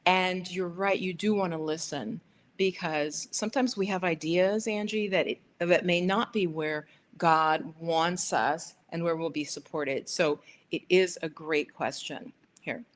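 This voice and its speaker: A woman's voice: lowish voice, measured pace, slight background noise. A middle-aged woman hosting a casual livestream from her sofa, chatty and rambling as she gives tarot readings to viewers. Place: living room sofa by big windows.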